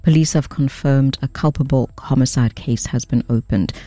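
A man reading a radio news bulletin in a measured, formal way. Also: mid-range voice, mellow, no echo. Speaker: news anchor.

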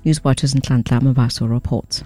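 A man reading a radio news bulletin in a measured, formal way. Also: medium pitch, steady tone, mellow. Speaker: news anchor.

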